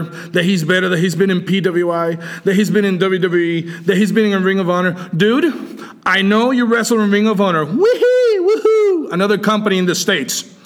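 A man's voice: high-pitched, fairly bright tone. A man, a wrestling champion, cutting an irate, taunting promo in a bar and grill.

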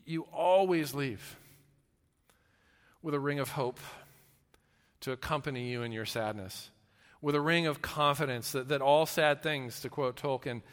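A man preaching a sermon as a pastor, earnest, often restarting his words and swinging between loud emphasis and hushed, slow lines. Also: mid-range voice. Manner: earnest, with repeated restarts and stammers. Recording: long hall reverb.

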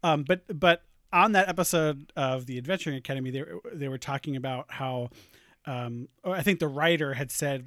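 A man's voice: on the high side, a little fast, fairly bright tone, no room sound, studio quality. A man, a podcast host and game master, chatting casually with many fillers and restarts. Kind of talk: casual chat.

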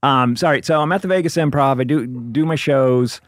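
A man's voice: mid-range voice, moderate pace, dry recording, studio quality. Rambling man telling a story. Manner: rambling, laughs through his story, acts out voices. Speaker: comedian guest. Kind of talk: casual storytelling.

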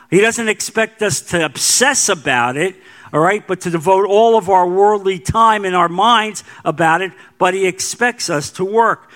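A middle-aged man preaching a sermon as pastor, with emphatic repeated phrases and slow stressed lines. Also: high-pitched, a bit bright.

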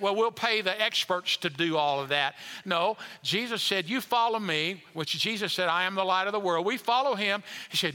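Emphatic high-voiced preacher. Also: male voice, pushed and bright, long reverb tail. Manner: emphatic, repetitive preaching with rising intensity. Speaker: pastor. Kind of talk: sermon.

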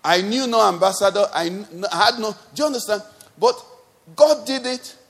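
A man's voice: high-pitched, normal speed, fairly bright tone. A man with a Nigerian accent preaching a sermon as pastor, building up with repeated refrains. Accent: Nigerian English. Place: church service.

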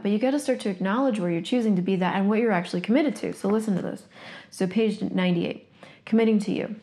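A woman's voice: medium pitch, fairly quick, darkish tone. A woman hosting her own show, giving an emphatic, motivational solo talk and swearing freely as she makes her points. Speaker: host and certified facilitator.

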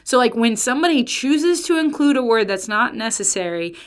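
A woman's voice: on the high side, sing-song, fairly quick. A woman giving a casual Bible teaching, chatty and emphatic, often breaking off mid-sentence. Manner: chatty, emphatic, self-interrupting.

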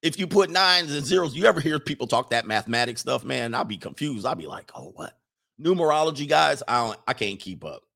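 Young guy doing a loose livestream, reads chats, jokes around and laughs a lot, average pitch voice. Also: fast, vocal fry, few pauses. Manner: animated, joking, laughs often. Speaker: livestream host reading super chats. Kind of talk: casual livestream commentary.

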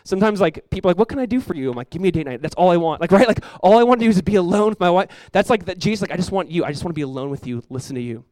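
Fast-talking casual young male preacher. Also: high-pitched, expressive, darkish tone, dry recording. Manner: conversational preaching, peppered with "like", voicing Jesus and the disciples. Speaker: pastor. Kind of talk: sermon.

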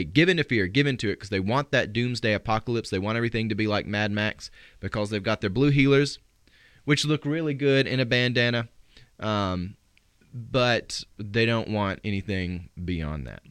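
A male pastor giving a live-streamed sermon, answering questions sent in by listeners and reading scripture slowly for emphasis. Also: lowish voice, fairly bright tone, clean tone, no room sound. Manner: earnest, reflective, quotes scripture with slowed emphasis.

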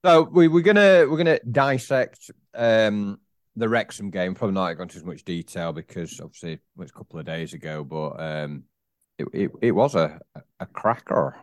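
A man's voice: deep voice, normal speed, no echo, clean studio sound. A man co-hosting a casual football podcast, stumbling over his words and repeating himself, with bursts of teasing. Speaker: podcast co-host.

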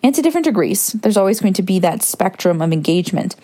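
A woman hosting a reflective solo podcast, talking in a gentle, musing way and wandering into asides. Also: mid-range voice, very animated, fast talker. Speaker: podcast host.

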